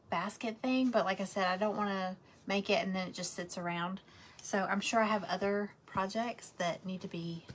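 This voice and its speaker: A woman's voice: medium pitch, fairly bright tone, a little hiss or hum. A woman, chatting casually and rambling to viewers as she hosts a craft livestream from home.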